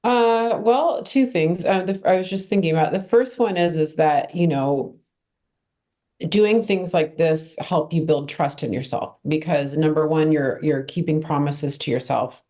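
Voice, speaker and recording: A woman's voice: deep voice, unhurried, mellow. A woman co-host sharing reflective thoughts in a panel discussion. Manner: reflective, thinks aloud.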